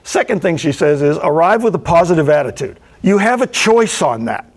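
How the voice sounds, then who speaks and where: A man's voice: fairly high pitch, animated, fairly quick. A man giving opening remarks as a motivational speech, telling stories and repeating key phrases for emphasis.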